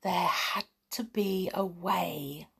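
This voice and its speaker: A woman narrating a children's story aloud, expressive, with dramatic pauses. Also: lowish voice, vocal fry, breathy edge. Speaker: audiobook narrator.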